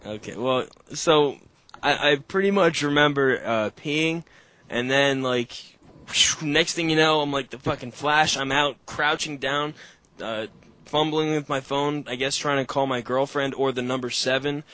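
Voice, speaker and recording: A man's voice: medium pitch, unhurried, sharp tone, no echo. Joking, swearing man in casual chat. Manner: joking, profane, laughs often.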